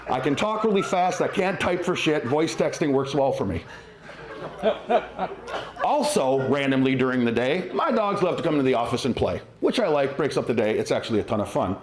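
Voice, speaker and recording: A man's voice: mid-range voice, lively intonation, a little fast. A middle-aged man doing a conversational, self-mocking stand-up comedy set at a live venue. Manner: conversational, self-mocking, acts out silly voices. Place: winery venue with live audience. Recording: roomy live venue with audience laughter.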